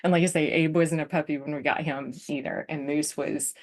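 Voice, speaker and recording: Low-voiced chatty woman telling a story. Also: fairly even intonation, brisk. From United States. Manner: chatty, lots of fillers like "like" and "um", emotional. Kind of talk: casual personal storytelling.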